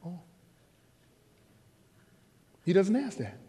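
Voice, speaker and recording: Man, pastor, casual animated sermon, high voice, church hall reverb. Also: very slow. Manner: casual, animated storytelling preacher. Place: church sanctuary.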